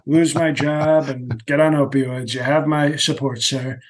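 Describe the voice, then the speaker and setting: A man's voice: on the high side, steady tone, unhurried, close to an everyday voice, low-quality recording. A man putting on the voice of an eager, deferential working-class union worker who keeps calling someone "sir".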